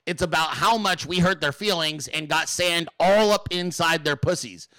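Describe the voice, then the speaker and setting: A man's voice: on the high side, moderate pace, pushed and bright, clear, resonant tone, dry recording, low-quality recording. A man hosting a political commentary show, ranting casually with sarcastic, profane mockery and frequent laughter. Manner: laughs often between remarks. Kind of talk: casual rant.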